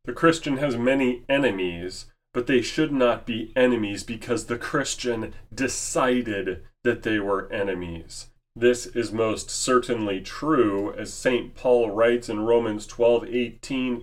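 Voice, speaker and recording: A male preacher delivers a sermon at an unhurried, measured pace, his voice sitting at an everyday middle pitch. He leans on rhetorical questions and lets his points land.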